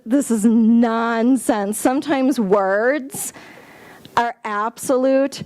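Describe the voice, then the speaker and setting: Bubbly woman giving a lively sermon. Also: fairly high pitch, no room sound. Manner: animated and exclamatory, playful asides. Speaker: guest speaker at a spiritual center. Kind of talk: sermon talk.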